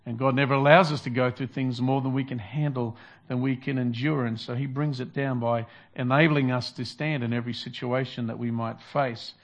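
A man's voice: medium pitch, steady tone, fairly quick. A man preaching a Sunday sermon, earnest and repetitive, building to emphatic calls. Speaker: pastor.

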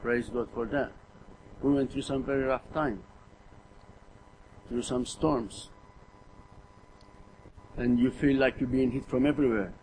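An earnest middle-aged man delivers a sermon at a mid-range pitch, often stumbling over and repeating his words. He keeps putting rhetorical questions to his congregation. A faint noise sits under the recording. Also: steady tone, a little slow, pauses often, a little mellow, low-quality recording. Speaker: preacher.

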